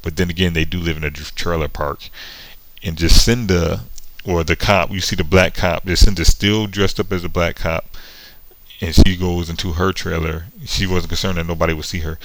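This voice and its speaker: Deep-voiced sarcastic man. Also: steady tone, normal speed, fairly bright tone, rough recording. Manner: sarcastic, laughing between lines. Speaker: comic book reviewer. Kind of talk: casual rambling retelling.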